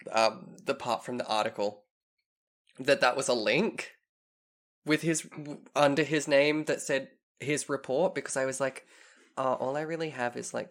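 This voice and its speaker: A man co-hosts a relaxed chat podcast in a gravelly, creaky, mid-range voice. He reads eerie internet stories in a mock reporter tone and gets animated reacting to them, mixing casual chat with dramatic story reading.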